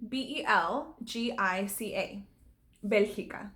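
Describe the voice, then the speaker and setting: A woman's voice: mid-range voice, slow, a bit bright. A young woman and actress talking to camera in a casual vlog, earnest and a little worked up, breaking into laughs. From California. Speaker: actress and acting vlogger.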